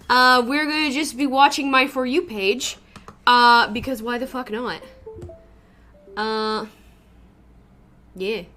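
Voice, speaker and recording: A woman's voice: fairly high pitch, fairly bright tone. A woman streamer chatting casually to her live audience, loose and sweary, often laughing.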